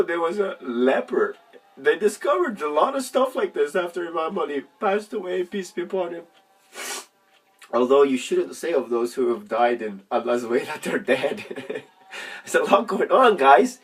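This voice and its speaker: A man's voice: on the high side, animated, moderate pace, breathy edge. A man telling a religious story and ranting in a casual, profane, rambling monologue, laughing mid-sentence. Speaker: religious vlogger. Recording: distant from the mic.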